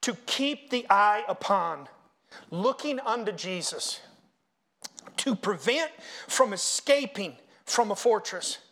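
High-voiced preaching man, hushed to loud. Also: expressive, slow pace. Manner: preaching with swings from hushed to loud, chanting hymn lines. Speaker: pastor. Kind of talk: sermon. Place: church.

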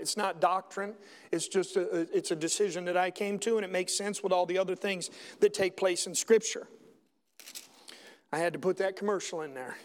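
A male pastor delivers a sermon in a high, light voice. He preaches with mounting emphasis, and the sound carries the long reverb of a large hall.

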